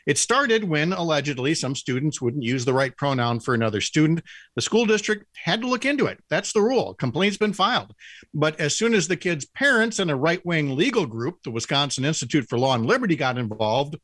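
A man co-hosting a podcast, setting up a question in a measured way with small hesitations. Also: on the high side, very animated, fairly bright tone, no echo. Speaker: podcast co-host. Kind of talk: interview questions.

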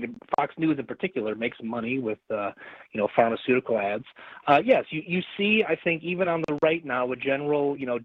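A young man calling in to a radio talk show, speaking hesitantly with frequent pauses and restarts. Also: mid-range voice, no room sound, narrow, tinny audio. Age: young adult. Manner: hesitant, many fillers and restarts. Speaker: caller.

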